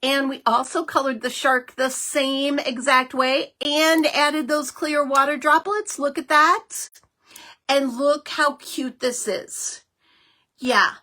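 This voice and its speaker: A chatty, excitable middle-aged woman hosting a live card-making stream, with lots of fillers. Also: high-pitched, takes it slowly. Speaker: host of a live crafting show.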